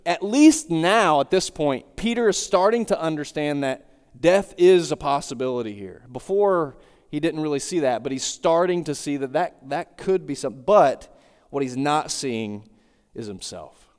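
A man's voice: on the high side, lively intonation, normal speed, a little mellow, clear, resonant tone. A man preaching an expository sermon, walking through a text verse by verse and circling back with repeated phrases. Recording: long hall reverb.

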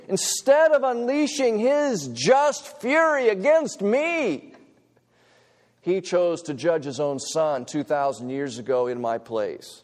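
A male pastor delivers a sermon in a church sanctuary, his voice sitting a little high. He surges into loud, urgent climaxes and then falls back to low, hushed stretches. A long reverb from the big hall trails every phrase. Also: animated, slow. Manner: impassioned, swings from loud urgent peaks to low quiet asides.

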